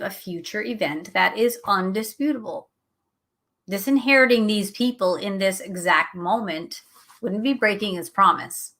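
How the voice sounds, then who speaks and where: A middle-aged woman hosting a show, teaching a Bible study in a conversational, animated way and laughing at herself now and then. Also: medium pitch. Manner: animated, chatty, acts out quotes, laughs at herself.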